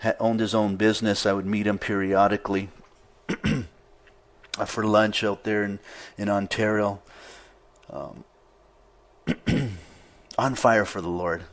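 A man's voice: on the low side, fairly even intonation, slow pace, long pauses. A male pastor preaching a sermon in an easygoing conversational way, reading scripture aloud with rising emphasis.

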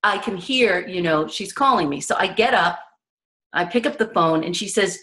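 Guesting on an interview, a woman author tells personal stories with plenty of drive, earnest and emphatic, acting out the voices of the people she describes. Her middle-pitched voice is a bit bright, with lively intonation at normal speed.

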